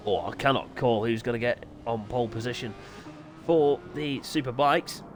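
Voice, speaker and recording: A man commentating live sim motorbike racing on his own stream, excitable and chatty with joking asides. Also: medium pitch, normal speed, background noise. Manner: excitable, chatty, self-deprecating, swings to exasperated asides. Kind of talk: live esports race commentary.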